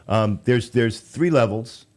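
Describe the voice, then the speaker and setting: A man's voice: medium pitch, slow, a little mellow. A man hosting a casual radio talk show, chatty and given to restarts.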